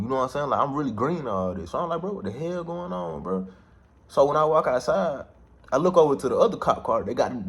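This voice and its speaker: A young man casually telling a personal story in heavy slang, animated and repeating "you know what I'm saying" as a filler. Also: medium pitch. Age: young adult.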